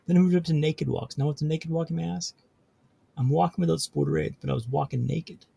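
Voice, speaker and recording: Man, podcast guest, dramatic storyteller, rhythmic repetition, wry humor, husky, slightly high-pitched. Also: fairly even intonation, a little fast, warm tone.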